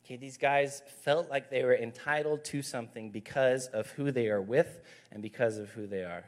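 A man's voice: medium pitch, normal speed. A man in his thirties, a youth pastor, giving a conversational, emphatic sermon with stories.

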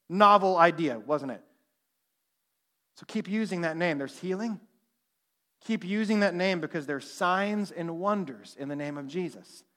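Young guy preaching, high bright voice, acts out the quotes, gets real quiet on the big points. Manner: animated storytelling, acting out quotes, dropping to a hush for emphasis. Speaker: pastor. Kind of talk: sermon.

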